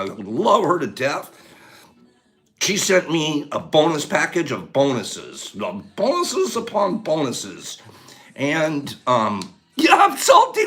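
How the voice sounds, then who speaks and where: An older American man hosting a casual livestream, chatting playfully with viewers and breaking into excited shouts. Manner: playful, jokey, swings from low mumbles to excited shouts. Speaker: host of a mushroom livestream.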